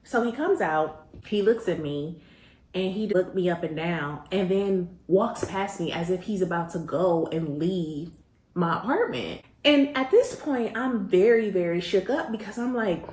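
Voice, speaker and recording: A woman host telling a personal story in a lively, slangy way, acting out what people said. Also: fairly low pitch, measured pace, echoey room. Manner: animated, slangy, acts out quoted voices.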